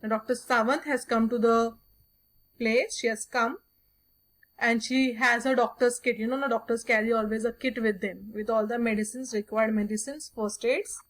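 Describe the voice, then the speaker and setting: A woman's voice: a little high, steady tone, moderate pace. A woman teacher explaining a story to a class, repeating "okay" often.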